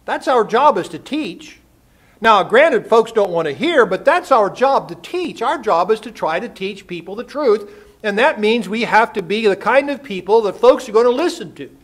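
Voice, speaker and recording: An older man preaching a sermon, folksy and full of rhetorical questions and homespun stories. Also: high voice. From United States. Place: church sanctuary.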